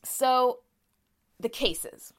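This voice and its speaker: A woman's voice: a little high, drawn-out words. A woman in casual podcast chat, explaining a topic with lots of fillers and restarts. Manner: chatty, many "like"s and restarts.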